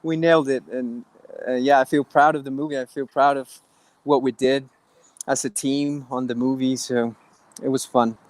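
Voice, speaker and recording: A man's voice: medium pitch, steady tone, moderate pace, no echo. A man, an actor guest in an interview, talking earnestly with many restarts and halts. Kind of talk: interview conversation.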